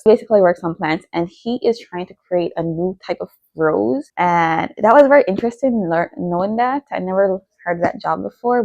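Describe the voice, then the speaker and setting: A woman's voice: on the low side, darkish tone, dry recording, muffled recording. A young woman talking casually about books she has read, chatty, with lots of fillers like "like" and "you know". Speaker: book vlogger.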